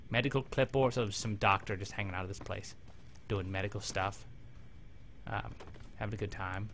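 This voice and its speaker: A man casually commenting on his video game as he plays, rambling and joking, talking to his companion and breaking into sudden excited yelps. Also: on the low side, normal speed, pauses often. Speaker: gameplay commentator. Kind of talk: casual let's-play commentary.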